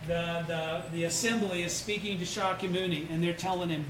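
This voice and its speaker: Male study-group leader, high voice, blunt emphatic lecturing style; roomy echo. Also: fairly even intonation, a little fast, a bit bright. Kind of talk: informal Buddhist study lecture. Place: indoor meeting room, live-streamed. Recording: echoey room with faint noise.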